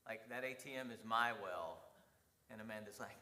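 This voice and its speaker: Guy teaching sunday class, animated, laughs a lot, acts out what people said, roomy echo. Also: fairly low pitch, moderate pace. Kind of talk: storytelling in a church class. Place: church classroom.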